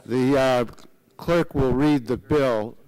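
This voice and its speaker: A man chairing a formal committee session, speaking haltingly with restarts and a good-humored tone. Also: mid-range voice, steady tone, darkish tone, smooth, dry recording, poor audio.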